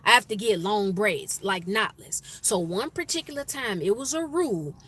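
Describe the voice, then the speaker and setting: A woman vlogger with a medium-pitched, husky, fairly bright voice tells her viewers a workplace story at normal speed, animated and acting out her coworkers' voices. It's casual storytime chat, with faint street noise and passing sirens behind her.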